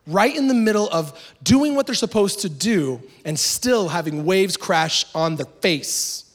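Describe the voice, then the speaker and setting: Male pastor, middle-aged, high-pitched, animated conversational sermon, dramatic pauses.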